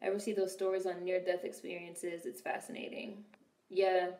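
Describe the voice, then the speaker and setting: A woman's voice: lowish voice, level tone, normal speed, darkish tone, roomy sound. A young woman casually commenting on a film during a live stream, swearing freely and answering her chat. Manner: chatty, swearing, reads and answers viewer chat.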